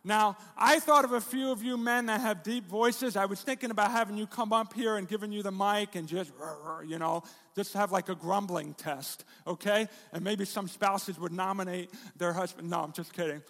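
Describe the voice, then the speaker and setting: A man's voice: high voice, fairly even intonation, moderate pace, fairly bright tone, long reverb tail. A middle-aged man, a pastor, preaching a sermon in a conversational, self-deprecating way with jokes and rhetorical questions.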